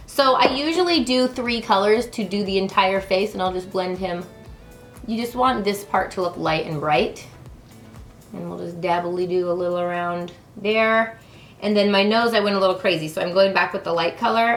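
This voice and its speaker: A woman's voice: mid-range voice, roomy sound. A woman in her thirties chatting through a makeup tutorial, bubbly and talking straight to her viewers. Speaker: beauty vlogger.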